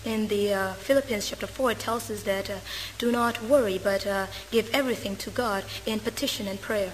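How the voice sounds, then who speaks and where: A woman's voice: mid-range voice, a little fast, a little hiss or hum. Hesitant woman interpreting a sermon. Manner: hesitant, many uh fillers and self-corrections. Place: church hall. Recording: reverberant hall, faint ambience.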